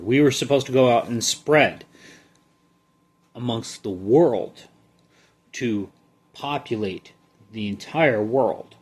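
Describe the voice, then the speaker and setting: A man giving a casual Bible study, reading a passage in a halting way and then talking it through conversationally. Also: medium pitch. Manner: slow, halting, reads then comments conversationally. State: sleepy, yawning.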